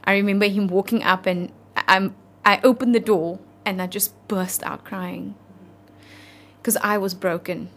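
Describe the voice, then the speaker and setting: A South African woman in her thirties, an interview guest telling a personal story in an earnest, halting, heartfelt way. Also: mid-range voice, fairly even intonation, fairly bright tone.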